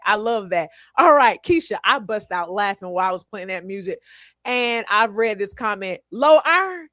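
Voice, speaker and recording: A woman's voice: a little high, no room sound, studio quality. A woman hosting a podcast in a live, casual chat, reading out listener comments and speaking to people by name. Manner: animated, chatty, repeats herself, talks to listeners by name. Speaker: podcast host.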